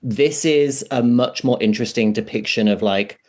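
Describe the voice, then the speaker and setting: Man, podcast co-host, casual chat, expressive, mid pitch. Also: normal speed. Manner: expressive, acts out quotes.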